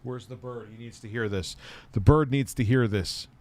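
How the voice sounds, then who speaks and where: A man's voice: medium pitch, moderate pace. A middle-aged man hosting a live tech stream, rambling and cracking crude jokes at his chat.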